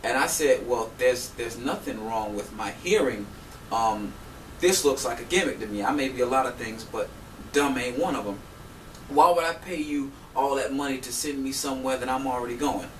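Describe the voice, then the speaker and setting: A South Florida vlogger with a mid-range voice rants heatedly at a moderate pace about getting scammed, speaking in AAVE and acting out both sides of the argument with animated profanity. The mic is somewhat far, in a roomy, echoey space with faint hum.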